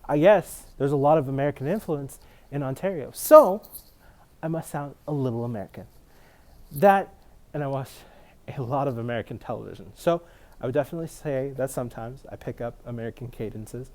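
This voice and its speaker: A young man from Canada with a Canadian accent, telling a casual story with laughs and sudden loud exclamations. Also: medium pitch.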